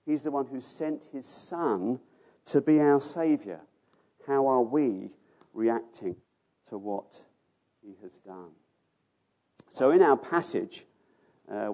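A man preaching a sermon in a church, expounding a passage with rhetorical questions and letting his phrase ends fall away softly. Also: mid-range voice.

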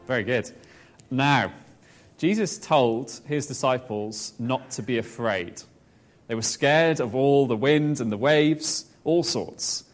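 A man's voice: mid-range voice, slow pace, faint music behind. Guy doing a kids' talk at church, encouraging, praising the children, mid voice. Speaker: pastor leading a children's talk.

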